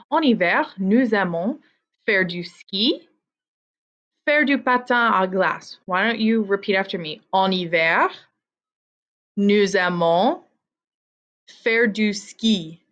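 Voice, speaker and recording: A woman teaching a vocabulary lesson to students, with slow repeat-after-me drilling. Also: mid-range voice, fairly bright tone, highs cut off. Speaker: French teacher.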